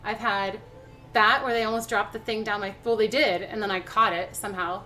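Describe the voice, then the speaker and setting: A woman's voice: mid-range voice, fairly even intonation, fairly quick, pushed and bright. A young woman hosting a cooking livestream, talking casually with lots of fillers and restarts. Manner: rambling, chatty, many fillers and restarts. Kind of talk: casual chat while cooking. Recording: faint background music.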